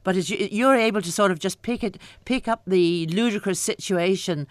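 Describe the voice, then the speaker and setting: A woman hosting an interview, admiring and gently teasing her guest. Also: mid-range voice, normal speed, no echo. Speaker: radio host.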